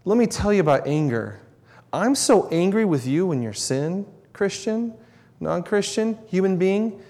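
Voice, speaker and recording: A man's voice: high-pitched, big pitch swings, unhurried, mellow, heavily acted. A man voicing God as stern and wrathful yet merciful, with emphatic, repeated declarations, heard with long hall reverb.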